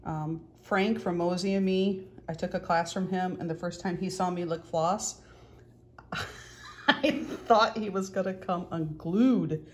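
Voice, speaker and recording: Middle-aged woman, slightly low voice, casual joking crafting tutorial. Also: fairly even intonation, unhurried. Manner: chatty, joking, self-deprecating. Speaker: cross-stitch vlogger.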